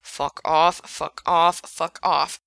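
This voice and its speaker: Lady doing frank, touchy young dude, cusses, low and punchy, in a storybook reading. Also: steady tone, slow pace, creaky, a bit bright, no echo, exaggerated voice. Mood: indignant. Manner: defensive, swears a lot. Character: brash young man, indignant and flustered.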